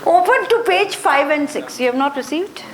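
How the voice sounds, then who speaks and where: High-voiced woman lecturing a class. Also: animated, normal speed. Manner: short repeated phrases, checks in with listeners. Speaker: motivation trainer. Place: training classroom. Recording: echoey room.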